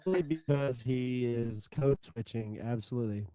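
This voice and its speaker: A podcast co-host who chimes in with laid-back, quiet asides and dry jokes, laughing along with his partner. His voice is an average male pitch. The sound is close and dry, with no echo. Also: normal speed. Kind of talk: casual chat.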